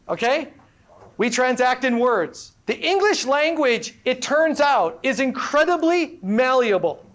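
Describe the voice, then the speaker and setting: A woman professor running an interactive workshop for a live audience, energetic and playful as she quizzes the room. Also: high-pitched. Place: live event before an audience.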